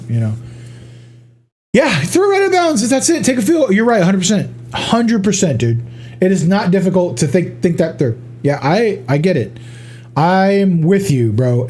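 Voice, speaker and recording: A man with a notably high speaking voice hosts a loose, unscripted sports betting show. He rambles, swears freely and breaks into laughter as he reacts. He sounds like a regular host talking straight to his listeners. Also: darkish tone. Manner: profane, rambling, laughs often. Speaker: podcast host. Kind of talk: casual sports betting chat.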